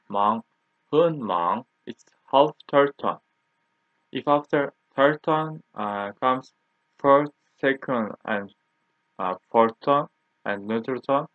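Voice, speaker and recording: A Turkish man from Turkey, a language teacher, speaks slowly at medium pitch, repeating each word for drilling. The recording is dry and tinny, like a phone, with no echo.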